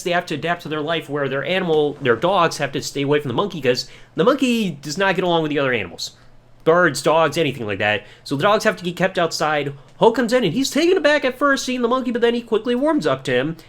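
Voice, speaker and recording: A man casually recapping TV episodes on his podcast, his slightly high voice swooping all over as he talks. He rambles, swears freely and keeps dropping into quick imitations of the people he describes. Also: big pitch swings, fairly bright tone. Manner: profane, rambling storytelling with quick mimicked voices. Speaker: podcast host.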